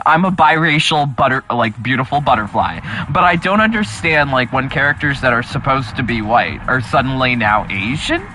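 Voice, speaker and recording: A man co-hosting a casual live stream, reading chat comments aloud and reacting with excitable, exclamatory energy. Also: on the high side. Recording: music playing behind the voice.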